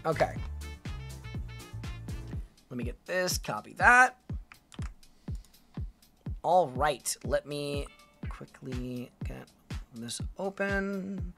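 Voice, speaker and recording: A woman's voice: low-pitched, lively intonation, extremely slow, gravelly, long pauses, music in the background. A woman streamer chatting casually, rambling and playful, with frequent stammering restarts. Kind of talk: casual livestream chat.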